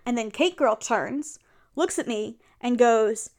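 A young adult woman in a casual role-play monologue, chatting and venting to her partner in an animated way. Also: on the high side, unhurried. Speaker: audio role-play performer.

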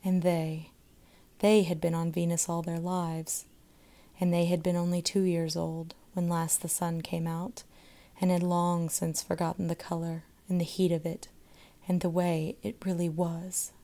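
Woman storyteller, unhurried and expressive, warm dark tone. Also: on the low side. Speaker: narrator. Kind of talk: scripted narration of a short story.

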